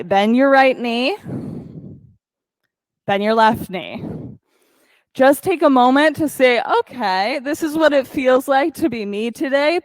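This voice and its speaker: A woman teaching a yoga class, calmly counting breaths and cueing poses with encouragement. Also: a little high, no echo, poor audio. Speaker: yoga instructor. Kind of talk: guided yoga class cues.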